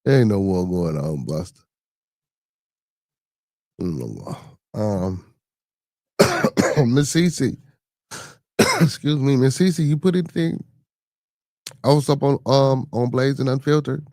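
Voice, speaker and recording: A man's voice: mid-range voice, animated, slow pace, pauses often, a little mellow, no room sound. A man hosting a casual podcast live stream, reading the chat and answering viewers in loose slang. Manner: laid-back, talks back to chatters with loose slang.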